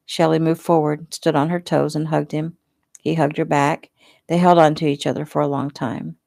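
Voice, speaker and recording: A woman reading her own novel aloud in a relaxed, unhurried, casual way. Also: low voice, creaky, no room sound, clean studio sound. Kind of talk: casual audiobook narration.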